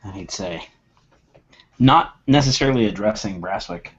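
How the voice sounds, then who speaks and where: A man narrates his character's actions in a tabletop game with a flair for drama. He speaks slowly and steadily. The stream audio is a little muffled. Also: mid-range voice. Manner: dramatic, acts out his character's anguished shouts. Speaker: player.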